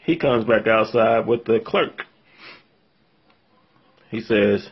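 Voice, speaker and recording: In a lo-fi recording, a man with a husky voice on the low side takes it slowly, pausing for long stretches. He's a vlogger telling viewers, earnestly and from the heart, about something difficult he went through, still shaken from crying.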